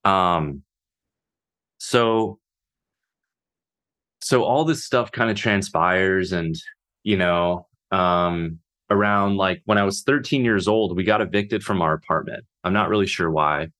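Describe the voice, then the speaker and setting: Low-voiced guy rambling through his own story unscripted, lots of "like", swears a bunch. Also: a bit bright. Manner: halting, heavy on fillers, swears casually. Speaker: podcast host.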